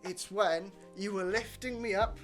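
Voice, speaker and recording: A man's voice: sits high, steady tone, a little slow, fairly bright tone, faint music behind. A man co-hosting a podcast, rambling and self-deprecating in casual chat. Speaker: podcast co-host.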